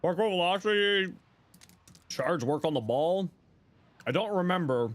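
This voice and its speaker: Young man, game streamer, casual jokey chat, animated delivery on a desk mic. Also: high-pitched, unhurried, no room sound. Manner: chatty, reads chat aloud, jokey. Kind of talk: casual live game commentary.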